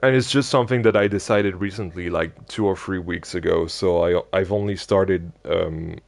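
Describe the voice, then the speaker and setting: A man streaming a game, chatting casually and rambling with many hesitations, his voice going a little hoarse. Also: deep voice, steady tone, moderate pace. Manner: rambling, hesitant, hums tunes softly. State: losing his voice. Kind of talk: casual live-stream chat while playing.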